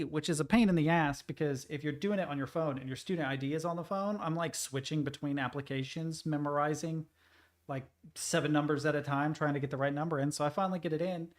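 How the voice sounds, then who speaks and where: A young man streaming live, chatting casually and ranting with plenty of swearing and animated retellings. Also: fairly high pitch, fairly quick.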